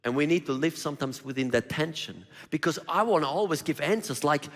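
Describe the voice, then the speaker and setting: A male preacher with a high, very lively voice, talking casually through his sermon and pausing on rhetorical questions. He acts out the people he quotes. The hall around him adds a long echo. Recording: reverberant hall.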